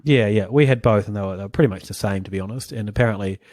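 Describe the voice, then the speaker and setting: A man's voice: fairly low pitch, racing, darkish tone, dry recording. Guy co-hosting a podcast, rambly and chuckly, dead dry mic. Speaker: podcast co-host. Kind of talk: casual chat.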